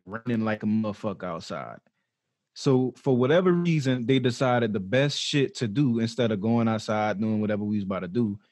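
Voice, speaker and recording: A man's voice: mid-range voice, a little mellow, dry recording. A young man hosting a podcast, telling a story in a laid-back, slangy way. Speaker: podcast host. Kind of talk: casual chat.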